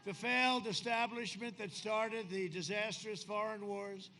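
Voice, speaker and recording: A man's voice: high-pitched, steady tone, unhurried, pushed and bright. A man giving a rambling, boastful campaign speech at an outdoor rally, talking off the cuff. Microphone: podium microphone. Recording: noisy outdoor rally recording. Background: outdoor rally noise.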